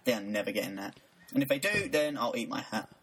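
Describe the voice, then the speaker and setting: A young man co-hosting a podcast, joking and swearing in a relaxed way. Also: mid-range voice, fast, background noise. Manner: laid-back, sweary joking. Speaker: podcast co-host. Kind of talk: casual chat.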